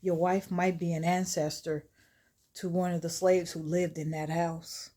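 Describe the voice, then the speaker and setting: A woman's voice: on the low side, flat delivery, measured pace, mellow. A woman voicing a woman who insistently warns a family to leave their house. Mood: urgent. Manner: urgent, insistent. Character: woman warning a family of danger.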